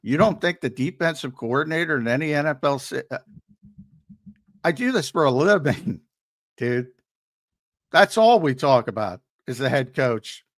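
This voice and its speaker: A man's voice: medium pitch, lively intonation, normal speed, long pauses. A man co-hosting a sports talk show, arguing his points emphatically and often repeating words as he gets worked up. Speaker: co-host and sports analyst.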